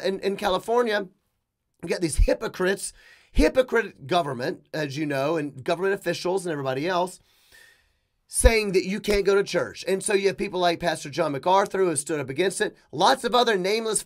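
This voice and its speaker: Middle-aged guy with a pretty high voice, podcast host going off on a rant, emphatic, mocks people as he quotes them. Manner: emphatic, rapid asides and mocking quoted voices. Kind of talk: opinionated monologue.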